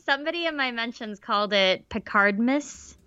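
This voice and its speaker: A woman's voice: fairly high pitch, lively intonation, moderate pace, pushed and bright, clear, resonant tone, no room sound, muffled recording. Chatty woman podcast co-host, dry sound. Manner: chatty, laughs easily, many fillers. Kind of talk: casual chat.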